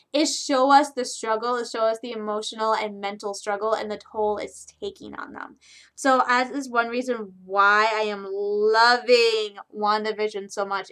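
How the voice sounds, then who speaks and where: A young woman from Michigan, talking chattily and excitably in a casual recap vlog, with frequent restarts. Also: on the high side. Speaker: vlogger.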